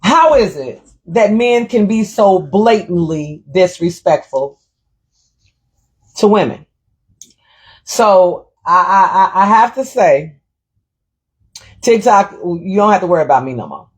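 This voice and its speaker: A middle-aged woman hosting a casual livestream, telling a story in an animated, indignant way and reading viewer comments aloud. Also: lowish voice, slow pace, long pauses. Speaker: livestream host.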